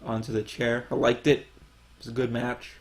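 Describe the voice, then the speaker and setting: A man's voice: medium pitch, completely flat delivery, a little fast. A man co-hosting a casual podcast, joking in a laid-back, teasing way. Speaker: podcast co-host. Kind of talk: casual chat.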